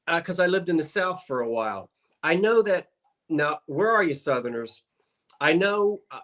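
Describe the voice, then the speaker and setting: The man's voice is on the high side and a bit bright. With a Delaware Valley accent from South Jersey, USA, he's a livestream guest chatting and rambling casually over a video call.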